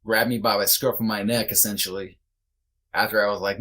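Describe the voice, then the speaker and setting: A man's voice: fairly low pitch, flat delivery, a little fast, pushed and bright. A man guest on a podcast, candidly telling a personal story in a loose, conversational way, blunt and sometimes swearing. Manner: loose and conversational, with many fillers.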